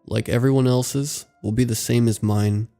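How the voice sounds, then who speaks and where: A man voicing a rotting undead male DJ who speaks in a quiet, hollow, fatalistic way. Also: mid-range voice, steady tone, moderate pace, soft background music, close to an everyday voice. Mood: bleak.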